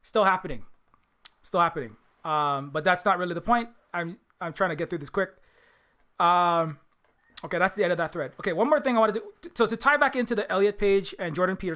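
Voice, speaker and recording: High, bright, rambling male commentator. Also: fairly quick. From Hawaii. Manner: rambling, many restarts and fillers. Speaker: channel host. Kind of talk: casual political commentary.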